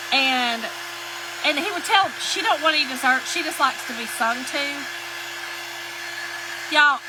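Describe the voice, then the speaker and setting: A woman, telling a folksy story in a chatty way while she crafts and greets viewers during a live stream. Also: sits high. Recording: hair dryer noise in background.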